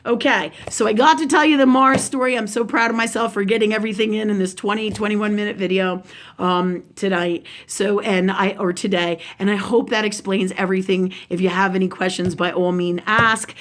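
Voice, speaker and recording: A middle-aged woman hosting a spiritual video, telling a casual story in an animated way, swearing often and asking "right?" again and again. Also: mid-range voice, fairly quick. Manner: animated, profane, lots of "right?".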